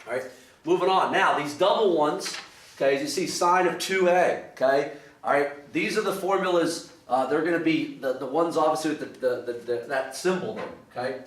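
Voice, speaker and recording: A man's voice: a little high, normal speed, distant mic. A man teaching a math lesson, working through problems step by step with frequent "okay" and "all right" checks. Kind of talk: recorded math lesson walkthrough. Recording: echoey room, voice somewhat off-mic, clear background noise.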